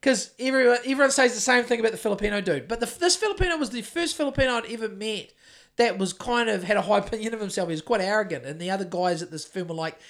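A man's voice: sits high, fairly quick, a bit bright. Rambling sweary New Zealand guy. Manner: rambling and sweary, full of restarts. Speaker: podcast co-host, house painter. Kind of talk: casual chat.

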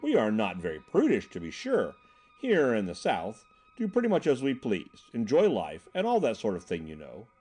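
A man voicing an elderly asylum director, genial and smooth-talking, in a storybook reading. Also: mid-range voice, wildly swooping pitch, normal speed, a little mellow, soft background music. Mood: confiding.

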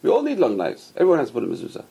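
A man giving a religious Torah class, emphatic and repetitive, rising sharply on stressed words and dropping low on asides. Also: huge pitch swings, racing, gravelly, warm tone, slightly rough. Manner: emphatic, repeats key phrases. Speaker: religious teacher.

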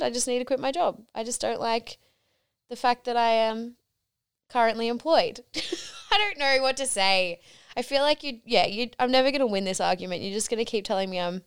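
Young woman podcast co-host, very smooth and clear voice, frank and self-mocking. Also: a little high. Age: young adult. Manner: frank, self-deprecating, swears casually. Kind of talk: casual chat.

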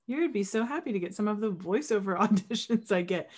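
A woman's voice: medium pitch, fast. A woman voice actor chatting casually, telling stories with lots of laughter. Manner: animated storyteller, laughs often. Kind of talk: casual chat.

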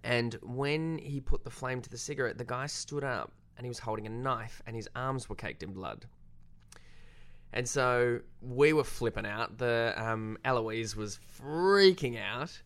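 A young Australian man, a filmmaker guest, telling a story in casual, self-deprecating chat. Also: a little slow. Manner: animated, self-deprecating, jumps pitch when quoting.

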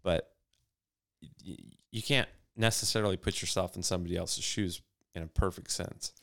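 A man's voice: deep voice, fairly even intonation, normal speed, creaky, a bit bright. A man co-hosting a casual podcast, asking thoughtful questions and stammering a little as he starts. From United States. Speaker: podcast co-host. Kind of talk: casual conversation.

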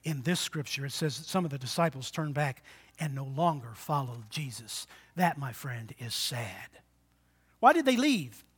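A man in his sixties preaching a sermon, swinging between loud exhortation and quiet, low asides, and calling for amens from the congregation. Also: big pitch swings, normal speed, slightly rough. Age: 60s. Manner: call-and-response with the congregation. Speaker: pastor.

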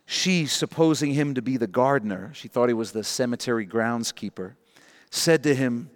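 A man's voice: medium pitch, normal speed, long reverb tail. A man preaching an earnest, emotional sermon, acting out the people he quotes. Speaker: pastor.

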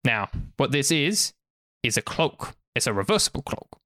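A man's voice: medium pitch, very animated, normal speed, pushed and bright, no echo, studio quality. Four-armed tailor with a southern drawl, folksy salesman, put on by a man. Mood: sales pitch.

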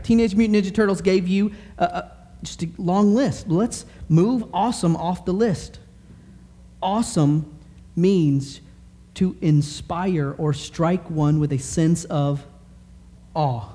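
A man in his thirties preaching a sermon in an animated, conversational way, full of rhetorical questions. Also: high voice. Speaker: pastor.

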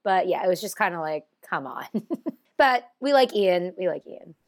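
A woman's voice: on the low side, animated, normal speed. A woman co-hosting a casual podcast, wry and sarcastic in her remarks. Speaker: podcast co-host.

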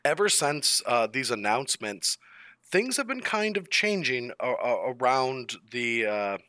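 Bright rambling man chatting. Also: mid-range voice, lively intonation, a little slow, dry recording. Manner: rambling, many fillers and restarts. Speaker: podcast co-host, pro card player. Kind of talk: casual panel chat.

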